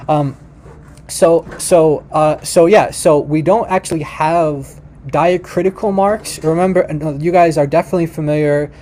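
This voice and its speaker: Chatty man with a mellow voice. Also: on the high side, steady tone, moderate pace, slight background noise. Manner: chatty and informal, addresses "you guys", frequent restarts. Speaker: language teacher. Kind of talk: casual explanation to viewers.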